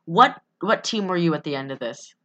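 Woman co-host, bright lowish voice, loose rambling chat. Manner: rambling, animated, quick to laugh. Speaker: podcast co-host. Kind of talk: casual chat.

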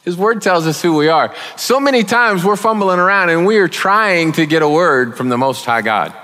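A man delivers a sermon as a guest preacher, his voice a touch high for a man. He keeps it chatty and humorous, then leans into points with sudden force. The long reverb of a large hall trails each phrase. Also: expressive, moderate pace. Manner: conversational, joking preaching with sudden loud emphasis.

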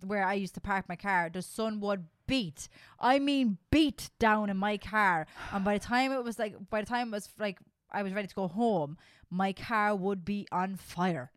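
An Irish woman chats as co-host of a podcast. Her voice sits mid-pitch and the recording is close and dry. She is lively, quick to laugh, and swears casually. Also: no room sound. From Ireland. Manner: animated, swears freely, laughs often. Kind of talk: casual chat.

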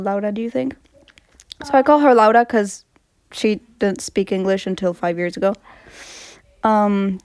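A woman's voice: a little high, a little mellow. Giggly American woman chatting at home. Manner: giggly, rambling, apologetic. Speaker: podcast host. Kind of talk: casual chat. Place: grandmother's study at home.

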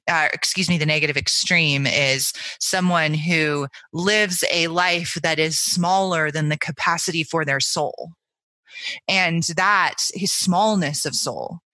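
A woman's voice: deep voice, sharp tone, dry recording. A woman co-hosting a book-club podcast, talking in a reflective way and searching for her words. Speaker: podcast co-host. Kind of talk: thoughtful book-club discussion.

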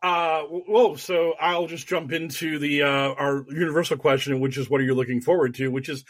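A man co-hosting a podcast in casual chat, rambling and excitable, laughing often. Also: a little high, normal speed, no room sound. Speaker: podcast co-host. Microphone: studio mic.

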